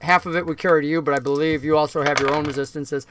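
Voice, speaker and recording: A man narrating and explaining rules as game master of a tabletop game, relaxed and patient. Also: fairly high pitch, quick pace, slight background noise.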